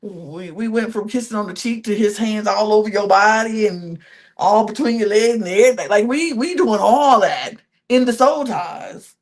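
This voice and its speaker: A young woman co-hosting a casual reality TV recap podcast, talking in an animated, sassy, slangy way and often restarting her sentences. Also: mid-range voice, normal speed. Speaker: podcast co-host.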